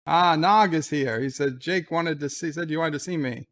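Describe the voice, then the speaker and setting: Watching a show, a man offers casual live commentary, humming the theme music before recapping scenes through loose, stumbling quoted dialogue. His voice is on the high side, a bit bright, at a normal speed. He comes across as loose and rambling, stumbling and restarting often.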